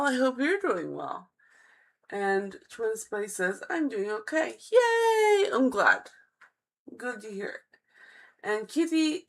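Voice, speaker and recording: A woman tarot reader on a live stream, slowly reading out viewers' chat messages and answering each one in a friendly way. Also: medium pitch, creaky, a bit bright.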